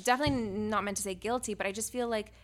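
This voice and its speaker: A young woman, raised speaking Polish, co-hosting a podcast and telling stories in a soft, giggly way. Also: mid-range voice, steady tone, very fast. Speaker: podcast co-host. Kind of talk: casual chat.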